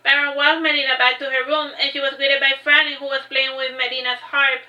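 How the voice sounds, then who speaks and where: A woman with a high, very bright voice reads her own novel aloud in a casual, unpolished way. She often stumbles, corrects herself and breaks off into chatty asides. The room around her gives a noticeable echo. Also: level tone, fairly quick. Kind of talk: casual audiobook reading. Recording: roomy echo.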